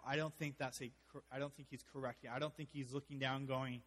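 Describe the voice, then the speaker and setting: A man preaching a sermon as pastor, animated, with joking asides, swinging from loud to hushed. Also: mid-range voice, fast talker, hardly any pauses, breathy edge, long reverb tail.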